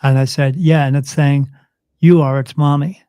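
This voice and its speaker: A man's voice: on the high side, moderate pace, smooth, dry recording. A man, a spirit medium guest on an interview show, telling a story and acting out the dialogue of the people in it. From United States. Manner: animated retelling, acts out quoted dialogue.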